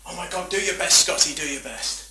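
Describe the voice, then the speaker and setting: A man with an English accent quoting an urgent starship captain, a little higher and louder than his own talk. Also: lively intonation, a little fast, full character voice. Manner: urgent, pleading. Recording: echoey room from far off.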